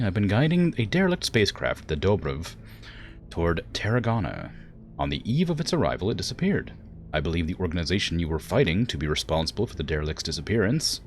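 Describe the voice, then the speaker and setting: A man doing Mother Bear, smooth English-accented AI. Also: low voice, huge pitch swings, a little fast, slight background noise, pitched above the performer's own voice, full character voice. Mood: calm formal. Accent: put-on generic English accent. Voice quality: smooth, precise, formal. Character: ancient male AI weapons platform, calm and formal. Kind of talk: reading game dialogue aloud.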